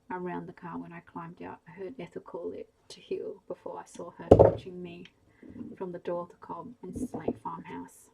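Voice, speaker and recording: A woman with a low, dark voice reads a bedtime story in a soft, hushed ASMR manner. Her tone is husky with a gravelly edge. She keeps her delivery flat and even throughout. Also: low-quality recording. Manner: slow, hushed, gentle reading.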